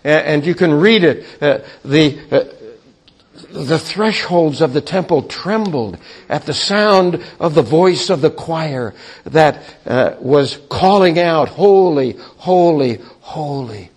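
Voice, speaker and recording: A man preaching a sermon slowly and deliberately, with frequent hesitant pauses. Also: a little high, animated. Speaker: pastor.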